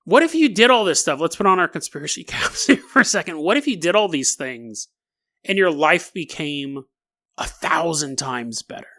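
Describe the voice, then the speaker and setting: A man hosting a comedic podcast monologue, talking in an animated, mocking way and laughing often as he reads. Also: a little high, normal speed. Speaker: podcast host.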